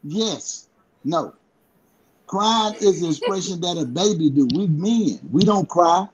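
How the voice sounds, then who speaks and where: A man's voice: high-pitched, lively intonation, slow pace, highs cut off, crowd noise. A man on a podcast panel, arguing his point in a blunt, emphatic and profane way. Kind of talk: heated casual debate.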